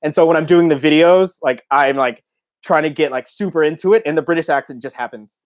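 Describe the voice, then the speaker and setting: A young man hosts a relaxed livestream Q&A with a slightly high-set voice. He chats loosely and reads viewer comments aloud. He breaks into laughter often. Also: brisk. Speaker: YouTube host. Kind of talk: casual livestream Q&A chat.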